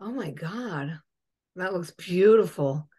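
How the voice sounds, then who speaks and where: A woman hosting a podcast, chatting casually and telling a lively anecdote to her guest. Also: on the low side, slow, slightly rough. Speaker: podcast host. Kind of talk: casual chat, storytelling.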